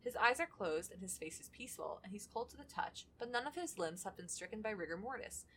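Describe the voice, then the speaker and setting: A woman's voice: mid-range voice, animated, fast talker, a bit bright, slight background noise. A woman co-hosting a podcast, reading fan fiction aloud between chatty, laughing asides and casual swearing. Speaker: podcast co-host.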